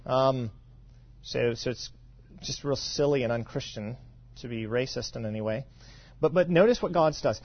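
A man from western Kentucky gives a sermon in an easy, chatty way, circling back with repeated words and little asides. His pitch is mid-range, and the recording sounds slightly dull and muffled. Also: normal speed, long pauses. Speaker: pastor.

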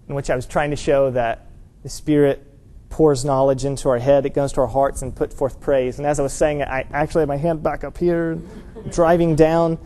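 A man preaching to his congregation with a mellow, warm voice. He speaks with earnest emphasis and pushes his voice up to stress key points. He often drops soft and low to tell a story. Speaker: pastor. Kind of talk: sermon. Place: church.

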